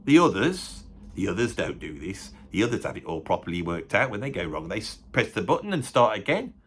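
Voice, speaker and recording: A man's voice: fairly low pitch, sing-song, a little fast, slight background noise. A middle-aged man with a West Midlands accent, rambling self-deprecatingly to camera as a music-critic YouTuber, full of tag questions. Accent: West Midlands English. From West Midlands, England. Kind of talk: rambling casual monologue to camera.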